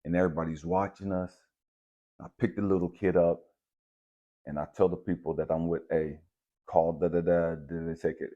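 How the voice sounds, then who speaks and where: A man's voice: deep voice, moderate pace, dull audio. A man telling a personal story in a casual, conversational way, mixing slang with spiritual reflection. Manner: relaxed, conversational, uses slang like bet and dap. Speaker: channel host.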